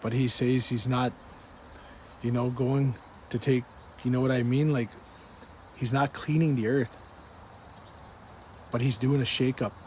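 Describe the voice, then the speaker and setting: A man speaking at a measured pace with frequent pauses gives a religious testimony, earnestly retelling a dream and quoting its speaker over and over. His mid-range voice is darkish with fairly even intonation, and a little hiss or hum can be heard.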